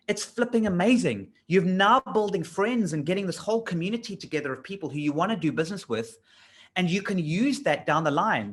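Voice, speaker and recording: A middle-aged man teaches in a relaxed, chatty coaching style. His tone is keen and animated, and he drives home his points with rhetorical questions. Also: on the high side. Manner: enthusiastic, conversational, pushes points with rhetorical questions. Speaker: LinkedIn trainer. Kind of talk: casual coaching lesson.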